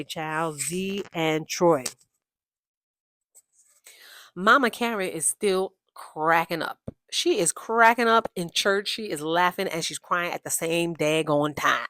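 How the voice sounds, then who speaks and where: A woman with a fairly low voice talks through a reality show episode in a loose, opinionated way. She throws in lively, chatty asides as she goes. The sound is close and dry, with no room around it. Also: no room sound. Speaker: reality TV recap host. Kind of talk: casual recap commentary.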